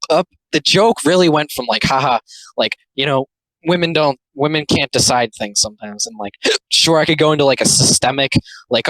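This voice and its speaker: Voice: medium pitch, normal speed, fairly bright tone, no room sound, rough recording. A speaker giving casual, rambling, sarcastic commentary on comics, full of filler words. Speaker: commentary host.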